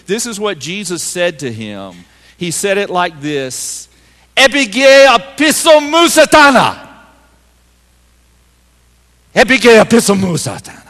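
A man preaching a sermon to his congregation, his somewhat high voice rising and falling with lively, emphatic swings. He moves from loud calls down to hushed, quiet lines. The sound carries the long reverb of a church sanctuary. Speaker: pastor.

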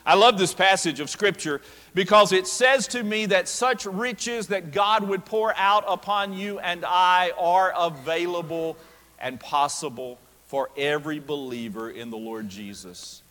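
A male pastor preaching a sermon, slowing down to stress quoted verses. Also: sits high, a bit bright. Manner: emphatic preaching with slow stressed quotations. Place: church sanctuary. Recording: long reverb of a church hall.

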